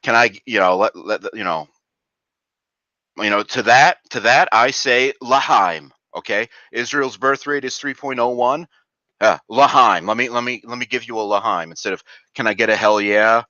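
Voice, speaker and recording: A man's voice: medium pitch, normal speed, bright, forceful tone, no room sound. A man doing a reaction commentary vlog, ranting crudely and rambling with fillers and restarts. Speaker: video commentator. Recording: dull lo-fi dry recording.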